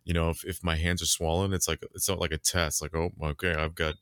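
A man's voice: low voice, flat delivery, fast talker, no echo, clean studio sound. A man in casual conversation, talking in a reflective, rambling way with many fillers. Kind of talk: casual chat.

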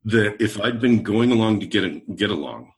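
A middle-aged man with a fairly low voice tells a personal story in an easy conversational way. He slips into the voices of the people in his story as he goes. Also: moderate pace. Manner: animated storyteller who acts out quoted dialogue. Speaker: podcast guest, leadership coach.

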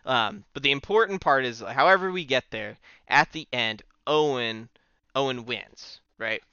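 A man's voice: mid-range voice, measured pace, pushed and bright, clean tone, dry recording, highs cut off. A man co-hosting a casual podcast, rambling through a story with many fillers. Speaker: podcast co-host.

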